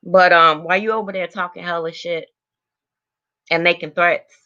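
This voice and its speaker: A woman's voice: fairly low pitch, fairly even intonation, normal speed, pushed and bright, lo-fi sound. An older woman hosting a livestream, greeting viewers by name and then launching into a blunt, heavily profane, angry rant at her chat. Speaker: livestream host.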